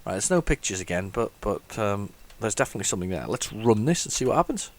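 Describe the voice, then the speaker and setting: A man gives a casual running commentary, thinking aloud in loose, rambling sentences full of restarts. His pitch leaps around a lot, lifting high whenever something pleases him. He drops in wry, self-mocking asides. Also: very animated, quick pace. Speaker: retro computing video host.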